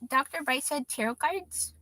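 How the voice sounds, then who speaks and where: Young woman livestreamer, high voice, bright tone, dry close sound, chatty and laughing. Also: normal speed, dry recording. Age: 20s. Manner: chatty, laughs often, reads comments aloud. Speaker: livestreamer reading chat. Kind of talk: casual livestream chat.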